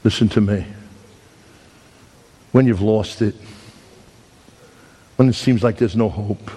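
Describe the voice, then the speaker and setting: A middle-aged man preaching a sermon, telling a story with dramatic swings between loud emphasis and hushed, slow lines. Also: lowish voice, breathy edge. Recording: long hall reverb.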